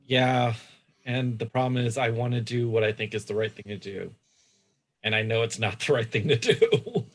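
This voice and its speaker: A man with a gravelly voice reasons aloud as a tabletop game player, wry and mid-pitched. Faint music sits under the talk. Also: normal speed.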